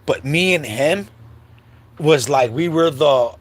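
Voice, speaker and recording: A man hosting a livestream, telling a childhood story in a casual, animated way and acting out the quotes, with many asides to the listeners. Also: fairly high pitch, takes it slowly. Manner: animated storyteller, acts out quotes, many "you know what I'm saying" asides. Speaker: host. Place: livestream setup.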